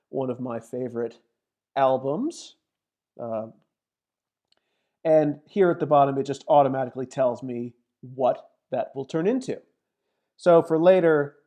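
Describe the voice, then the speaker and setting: Slow, methodical woman lecturer. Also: rumbling low, mellow. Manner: methodical, thinks aloud while typing and reading out numbers. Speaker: mathematics lecturer. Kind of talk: screen-recorded lecture walkthrough.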